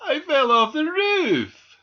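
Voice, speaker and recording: A man voicing a boastful young male toy squirrel in a storybook reading, high and loud. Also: a little slow, lo-fi sound, heavily acted. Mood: whimpering. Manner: shouting, then whimpering.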